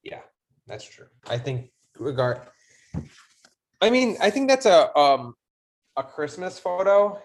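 A man's voice: sits high, very animated, slow pace, pauses often. A man co-hosting a podcast, bantering casually with laughs and slang. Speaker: podcast co-host. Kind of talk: casual chat.

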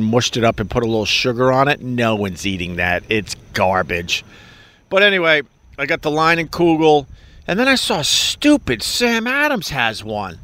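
A man's voice: mid-range voice, a bit bright, no room sound. Rambling, profane male podcast host. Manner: rambling, profane, self-mocking. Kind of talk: rambling solo monologue.

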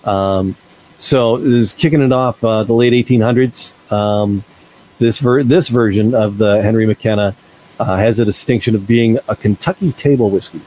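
A man's voice: lowish voice, normal speed, darkish tone, low-quality recording. A man co-hosting a casual podcast chat, laid-back and rambling, often restarting his sentences. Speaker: podcast co-host.

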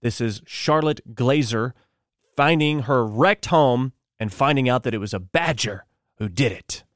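A man's voice: medium pitch, unhurried, dry recording, clean studio sound. A man hosting a morning show podcast, talking casually and joking through loose asides. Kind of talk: casual solo podcast talk.

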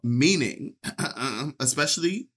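A man's voice: medium pitch, lively intonation, fairly bright tone, breathy edge. A man co-hosting a podcast, easygoing and playful, walking through a word of the week. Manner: easygoing, playful, explains slowly. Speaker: podcast co-host. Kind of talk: casual podcast banter.

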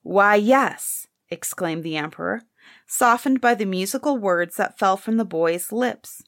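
A woman reading a fairy tale aloud in a measured, expressive storybook manner. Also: medium pitch, no room sound, clean studio sound.

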